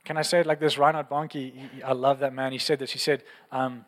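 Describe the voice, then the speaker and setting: A man's voice: mid-range voice, little pitch movement, quick pace, in a large hall. A man preaching a sermon in an earnest, passionate, conversational way, often repeating phrases. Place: church.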